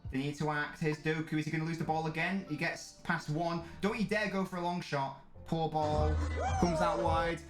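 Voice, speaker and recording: A man's voice: a little high, steady tone, fairly quick, hardly any pauses, over music. Male streamer, angry foul-mouthed live-match ranting, echoey room. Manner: angry ranting, heavy swearing. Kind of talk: live match watch-along commentary.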